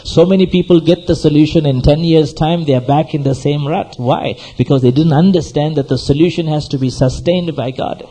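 A man preaches with a husky, slightly breathy voice and a dark, mellow tone. He exhorts his listeners in a sermon, repeating phrases and firing questions at them. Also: on the high side, fairly quick, hardly any pauses, rough recording. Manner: exhorting, repetitive, asks the audience questions. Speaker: pastor.

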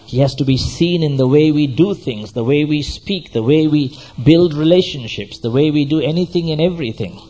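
Husky, mellow-voiced male preacher. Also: fairly high pitch, moderate pace, few pauses, rough recording. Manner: exhorting, repetitive, asks the audience questions. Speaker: pastor. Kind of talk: sermon.

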